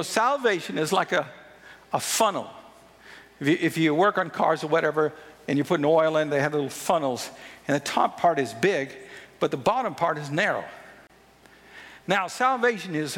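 A man's voice: sits high, a bit bright, long reverb tail. A man preaching a sermon as a pastor, emphatic and repeating phrases for stress.

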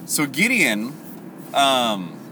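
A man teaching a Bible story in a casual, animated way, laughing often and correcting himself. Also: medium pitch, very slow, background noise.

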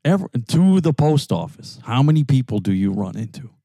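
A brash man with a New York accent rants and curses his way through casual banter as a co-host. His voice is dark and mellow, and the sound is dry and close. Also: mid-range voice, very animated, moderate pace, dry recording. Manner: brash, swears constantly, loud rants. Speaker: podcast co-host. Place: in a car.

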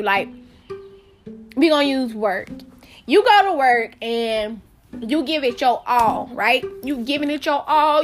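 Give me a high-voiced young woman host talking to her listeners in a chatty, emphatic way. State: out of breath. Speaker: podcast host. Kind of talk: casual solo podcast monologue.

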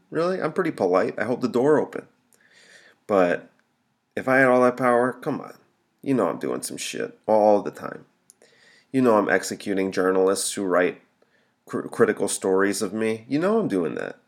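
A man hosting his own comedy podcast, ranting solo in a rambling, joking way and restarting his sentences. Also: low voice.

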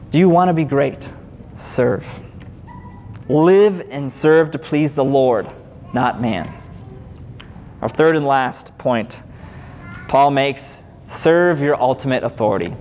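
A man in his thirties preaching a sermon as pastor, in a conversational, animated way with casual asides. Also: medium pitch, very slow, long pauses. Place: church sanctuary. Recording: long hall reverb, faint background noise.

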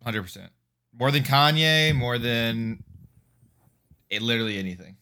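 A man's voice: medium pitch, lively intonation, normal speed, sharp tone. A young man co-hosting a podcast, talking loosely and rambling with lots of restarts. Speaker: podcast co-host. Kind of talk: casual chat.

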